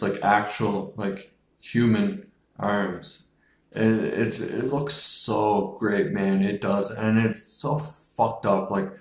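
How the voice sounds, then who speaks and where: A man's voice: fairly low pitch, reverberant. A man casually reviewing a horror film, rambling, swearing and filling his speech with "like". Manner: rambling, profane, heavy use of "like".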